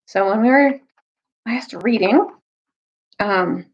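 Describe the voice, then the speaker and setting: Brief: young woman, storytime reader, lively kid-friendly delivery, slightly muffled lo-fi sound. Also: slow, slightly rough. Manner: animated, jumps high for quoted characters. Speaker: storyteller reading aloud to children. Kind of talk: casual storytime recap and read-aloud.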